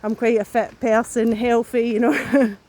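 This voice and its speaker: A woman's voice: fairly high pitch, steady tone, a little slow, darkish tone. A woman rambling to camera while she walks outdoors, out of breath, with plenty of restarts and swearing. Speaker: vlogger. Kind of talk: casual talk to camera.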